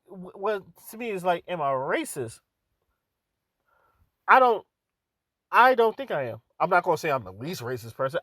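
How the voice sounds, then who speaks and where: Young male vlogger, high-pitched, dry close sound, loose profane rambling delivery. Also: a bit bright, dry recording. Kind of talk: casual opinion monologue.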